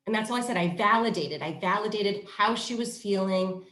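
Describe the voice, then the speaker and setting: A middle-aged woman, a positive discipline trainer, giving casual parenting advice in an animated way. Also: medium pitch, a little fast, hardly any pauses. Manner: animated storyteller who acts out quoted voices. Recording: roomy echo.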